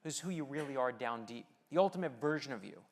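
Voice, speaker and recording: He talks fast and animatedly in a mid-range voice: a middle-aged American keynote speaker and novelist giving a motivational speech. Personal anecdotes and light humor carry his effort to rally the audience.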